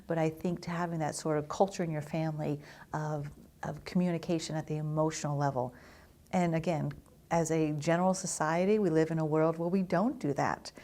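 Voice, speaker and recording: A woman's voice: low-pitched, steady tone, a little fast, dark tone. A middle-aged woman, a family therapist, explaining to parents in an earnest, instructive way. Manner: earnest, explanatory, acts out children's quotes. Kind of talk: educational talk to parents.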